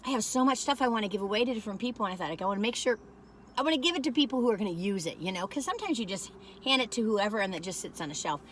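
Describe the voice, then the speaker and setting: A woman's voice: medium pitch, expressive, rapid-fire, slight background noise. An older woman, rambling in a folksy, chatty way as she reviews food on a phone camera in a parked car.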